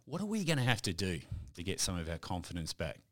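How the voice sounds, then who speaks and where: A podcast host with a low-pitched, slightly bright voice talks fast with huge pitch swings during a casual interview. He's chatty and keeps stumbling over restarts.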